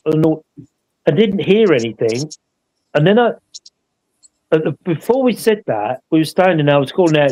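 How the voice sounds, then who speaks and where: A man's voice: on the high side, big pitch swings, moderate pace, pauses often, darkish tone, low-quality recording. A man telling a paranormal investigation story in a rambling, casual way, often adding tag questions to draw agreement. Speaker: paranormal investigator co-hosting a live show.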